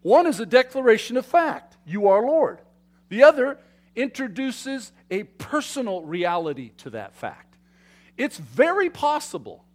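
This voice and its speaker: A man preaching a sermon to his congregation, swinging between loud emphatic declarations and quiet asides, often asking them questions. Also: high-pitched. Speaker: pastor. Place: church sanctuary.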